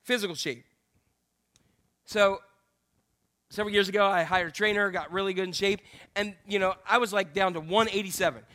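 High, bright-voiced joking pastor man. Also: a little fast, long pauses. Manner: candid, self-deprecating, jokey asides with sudden high exclamations. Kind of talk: humorous conversational sermon.

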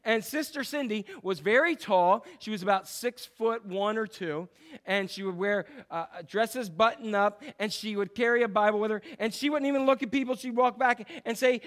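A male pastor, his speaking voice sitting high for a man. He preaches in a loose, chatty way, throwing questions out to the congregation and sometimes bursting into a loud imitation of fire-and-brimstone preaching. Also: normal speed. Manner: conversational, asks the congregation questions, shouts mimicked preaching. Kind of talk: sermon.

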